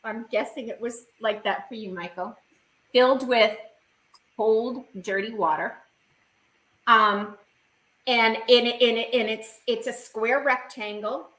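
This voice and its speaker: A woman's voice: a little high, steady tone, takes it slowly, long pauses, fairly bright tone, echoey room, rough recording. A woman guest on a video call, recounting a personal experience in vivid, emotional detail.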